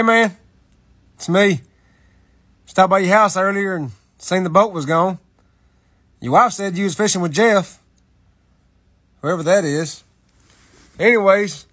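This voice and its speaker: A man's voice: high-pitched, a little slow, pauses often, a bit bright, pitched below the performer's own voice. A man putting on a sulky jilted fishing buddy. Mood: passive-aggressive. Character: passive-aggressive jilted male fishing buddy on voicemail.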